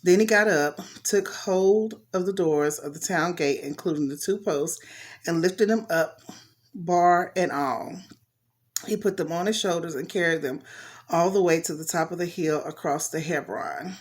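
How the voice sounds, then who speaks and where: A woman's voice: lowish voice, unhurried. A woman reading a Bible story aloud in a casual way, stopping to comment on it in slangy asides. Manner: chatty, talks back to the story with slang asides.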